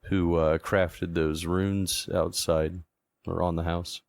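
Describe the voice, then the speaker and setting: A man's voice: deep voice, level tone, slow pace, a little mellow, no room sound. A man playing a tabletop game, speaking hesitantly with many fillers. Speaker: player. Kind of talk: casual tabletop play.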